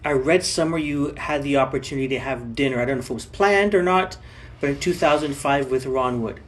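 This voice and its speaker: A man hosting an interview, asking questions in a halting way and repeating words. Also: mid-range voice. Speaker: interview host. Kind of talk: casual interview.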